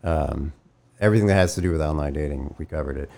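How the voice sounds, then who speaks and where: A man's voice: very deep voice, fast, vocal fry, a little mellow. A man co-hosting a comedy podcast, chatting casually with playful, ironic asides. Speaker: podcast co-host.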